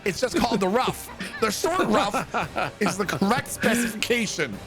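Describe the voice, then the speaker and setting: A man's voice: high-pitched, lively intonation, moderate pace, vocal fry, over loud music. A man streaming a golf video game, trading profane, teasing banter with a friend and reading out viewer messages. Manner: reads viewer messages aloud. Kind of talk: casual gaming livestream chat.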